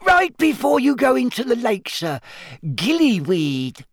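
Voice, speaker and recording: Squeaky, eager male house elf with broken grammar; very high, lively storybook voice. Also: unhurried, no echo, exaggerated voice. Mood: earnest.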